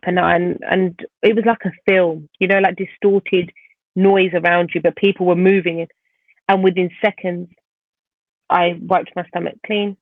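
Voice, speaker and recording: Gravelly woman on a tinny line. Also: fairly low pitch, no room sound. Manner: vivid, animated retelling of a painful event. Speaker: podcast guest. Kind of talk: personal storytelling in conversation.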